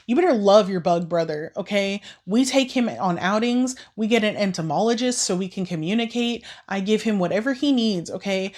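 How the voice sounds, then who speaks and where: A woman with a scratchy voice recapping and ranting about a book in a casual vlog, swearing freely and jumping into quick quoted voices for each character. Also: medium pitch, lively intonation, darkish tone. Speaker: book vlogger.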